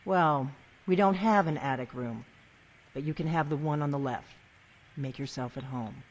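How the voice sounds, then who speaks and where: A curt, suspicious innkeeper. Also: female voice, sits low, normal speed, lo-fi sound. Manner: blunt, suspicious questioning. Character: guarded secretive female innkeeper, suspicious and curt. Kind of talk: video game dialogue.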